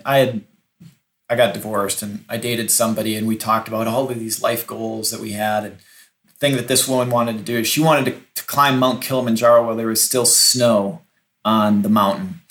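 A man's voice: medium pitch, a bit bright. A middle-aged man, a recruiter, answering interview questions in a conversational way, often restarting and repeating words for emphasis. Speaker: recruiter, podcast guest.

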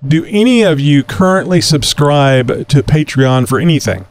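A man's voice: fairly high pitch, expressive, moderate pace, dry recording. A man from Texas hosting a casual talk show, rambling with many fillers. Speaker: podcast host.

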